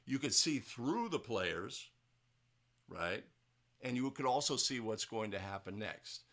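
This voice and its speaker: A man with a bright, forceful voice leads a casual instructional breakdown of basketball officiating footage. He speaks at a mid pitch and keeps checking in with "right?" as he goes. His sentences often restart partway through. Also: expressive, measured pace. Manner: tags points with "right?", frequent restarts.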